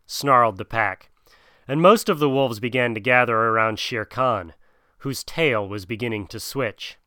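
A man narrating a storybook in a measured, dramatic way. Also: mid-range voice, bright, forceful tone, no room sound, studio quality. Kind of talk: storybook reading.

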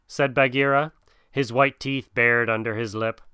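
A man narrating a storybook in a measured, dramatic way. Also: medium pitch, steady tone, sharp tone, clear, resonant tone, no room sound, studio quality. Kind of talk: storybook reading.

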